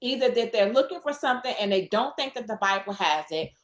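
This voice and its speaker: A woman guest in a faith-based interview, telling stories with scripture references and an animated delivery. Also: fairly high pitch, fast, roomy sound. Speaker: guest, real estate investor.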